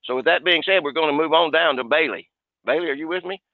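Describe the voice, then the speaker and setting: A man coaching sales staff on a conference call in an energetic, folksy way, often repeating himself. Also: fairly high pitch, fast talker, no echo. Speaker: sales trainer. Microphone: conference call line. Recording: tinny phone line.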